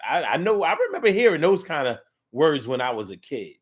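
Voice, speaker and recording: Animated man hosting a talk show. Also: a little high, fairly quick, husky. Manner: animated, rhythmic, acts out quoted voices. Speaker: show host. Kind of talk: casual monologue talk show.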